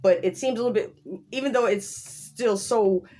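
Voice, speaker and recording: A woman chatting casually as she recaps a show, animated and emphatic, breaking into quick quoted voices and frequent laughs. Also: fairly high pitch, soft background music. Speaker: show reviewer.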